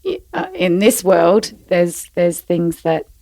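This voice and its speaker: A woman co-hosting a spiritual podcast, telling a personal story in a relaxed way with fillers. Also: lowish voice, slow pace, vocal fry, a little hiss or hum. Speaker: podcast co-host. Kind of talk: casual conversation.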